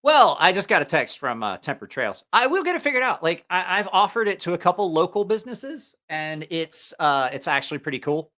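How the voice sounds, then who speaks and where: A man's voice: sits high, big pitch swings, fairly quick, hardly any pauses, bright, forceful tone. A man hosting a casual livestream, telling profane, rambling anecdotes with frequent laughter. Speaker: livestream host.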